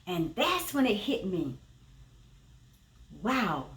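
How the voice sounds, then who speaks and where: A woman's voice: mid-range voice, big pitch swings, very slow. A woman, a teacher and former preacher, giving a personal spiritual testimony in an earnest, emphatic way, often repeating her phrases. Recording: roomy echo, voice from a distance.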